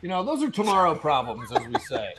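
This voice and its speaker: A male co-host in casual podcast banter who drops wry, deadpan asides. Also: high-pitched, a little fast, music in the background, poor audio.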